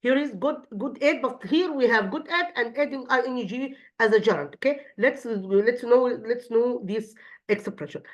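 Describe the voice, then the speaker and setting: A woman's voice: fairly high pitch, normal speed, muffled recording. A woman with an Egyptian accent, a native Arabic speaker, teaching an English grammar lesson to children with many fillers and restarts.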